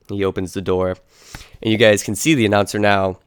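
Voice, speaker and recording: Low-voiced male game master. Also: a little fast, clean tone. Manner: relaxed, loose narration with many "uh" and "kinda". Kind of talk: narrating a tabletop game.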